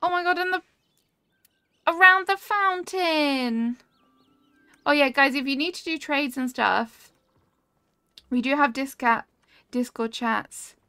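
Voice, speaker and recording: Pausing often and speaking slowly, a woman with a high, bright, forceful voice streams a cozy building game. In casual chat she gushes over viewers' builds and reads chat aloud, easily delighted, on a dry recording.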